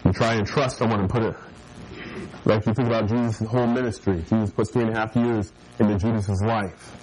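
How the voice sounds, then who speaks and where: A man's voice: lowish voice, steady tone, fairly quick, a little mellow, a little hiss or hum, low-quality recording. A man preaching a casual, joking sermon to a youth group, often mimicking people and laughing along with his listeners. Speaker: youth pastor.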